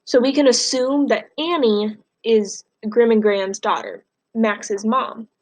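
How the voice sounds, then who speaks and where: A woman's voice: fairly high pitch, unhurried. A woman teacher reading a novel aloud and stopping to explain it in a casual way, with fillers.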